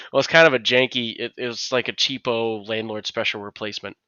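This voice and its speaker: A man's voice: medium pitch, steady tone, fairly quick, pushed and bright, clean tone, dry recording, highs cut off. A man co-hosting a podcast, telling a long anecdote in casual chat, rambling with many restarts and acted-out quotes. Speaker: podcast co-host.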